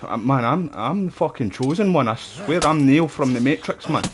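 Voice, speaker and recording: Swearing game streamer. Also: male voice, medium pitch, moderate pace. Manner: profane, excitable banter. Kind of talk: casual gameplay commentary.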